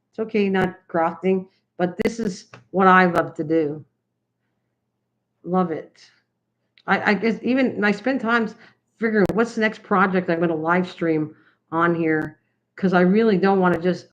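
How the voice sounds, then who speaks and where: An older woman from the United States chatting rambly with viewers while she makes cards on a livestream. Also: on the low side. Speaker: craft livestreamer. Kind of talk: casual livestream chat while crafting. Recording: slightly dull lo-fi stream audio.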